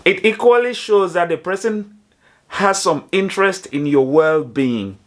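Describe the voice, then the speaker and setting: A man explaining phrases to foreigners in a slow, careful teaching manner, spelling out each example. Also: sits high. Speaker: language teacher.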